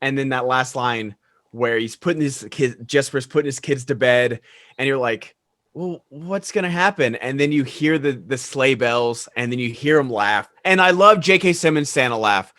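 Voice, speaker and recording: A man chatting enthusiastically about a favorite film on a video call, getting loud when excited. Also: medium pitch, normal speed, no room sound, clean studio sound. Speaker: podcast co-host. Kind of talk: casual movie discussion. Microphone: remote video call.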